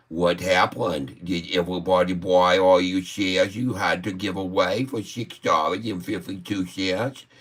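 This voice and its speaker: A middle-aged man hosting a live trading stream in a fairly low voice, talking slowly and easily. He laughs often and reads viewers' comments aloud as he chats. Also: a bit bright. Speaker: livestream stock trading host. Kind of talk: casual livestream chat with viewers.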